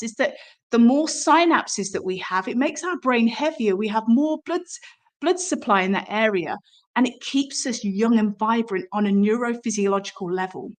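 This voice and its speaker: A middle-aged woman, a somatic movement teacher, talking directly to listeners in an encouraging, chatty way and asking them questions. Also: on the high side. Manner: warm, encouraging direct address with rhetorical questions. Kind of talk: podcast-style promotional talk.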